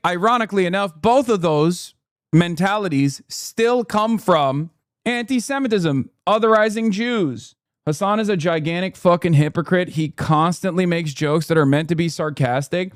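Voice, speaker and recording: A man's voice: high-pitched, clean tone, no echo, studio quality. A man streaming live, reacting to a video and talking to chat with sarcastic, profane commentary.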